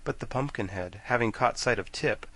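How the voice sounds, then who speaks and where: A man narrating a children's classic for an audiobook in an expressive storytelling manner. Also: mid-range voice, normal speed. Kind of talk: scripted narration.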